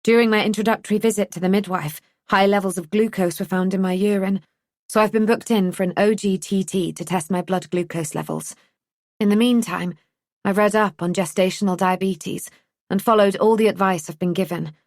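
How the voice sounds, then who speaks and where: Woman audiobook narrator, measured delivery, dry close sound, mid pitch. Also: steady tone, dry recording. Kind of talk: scripted narration.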